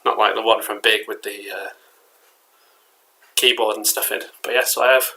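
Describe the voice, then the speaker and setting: Fairly low in pitch, steady and sharp-toned, he talks at a moderate pace on a rough recording. The speaker is a man with an English accent, a collectibles vlogger having a casual, rambling chat at home, with plenty of fillers and restarts.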